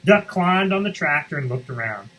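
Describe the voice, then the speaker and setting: Man, school read-aloud, very lively pitch, teaching asides, expressive storytelling. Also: faint music behind, poor audio. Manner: expressive storybook reading, pauses to explain to students. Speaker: school reader on morning announcements. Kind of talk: reading a picture book aloud to children with teaching asides.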